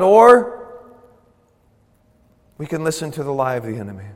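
A male pastor with a fairly high voice preaches in a church sanctuary. He is emphatic and repetitive and builds from quiet to forceful passages, with the long reverb of a large hall behind him. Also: lively intonation, moderate pace, pauses often. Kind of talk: sermon.

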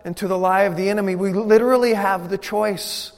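A male pastor with a fairly high voice preaches in a church sanctuary. He is emphatic and repetitive and builds from quiet to forceful passages, with the long reverb of a large hall behind him. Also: steady tone, brisk, hardly any pauses. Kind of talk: sermon.

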